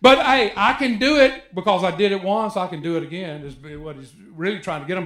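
A man's voice: sits high, a little fast, fairly bright tone, echoey room. A man preaching a sermon in a conversational, joking way, full of rhetorical questions to his congregation. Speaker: pastor.

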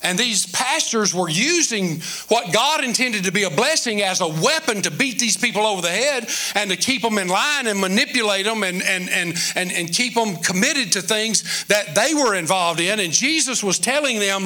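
A man's voice: high-pitched, lively intonation, normal speed, few pauses, bright, forceful tone. A male pastor preaching a sermon in a church, telling the story animatedly with many repetitions and restarts.

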